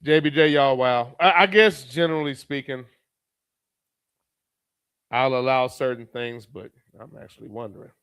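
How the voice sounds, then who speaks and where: A man's voice: mid-range voice, moderate pace, long pauses, fairly bright tone, smooth, no echo. A man who reads viewer comments aloud as a streamer and gives blunt, profane, heated commentary. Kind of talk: profane live commentary reading chat.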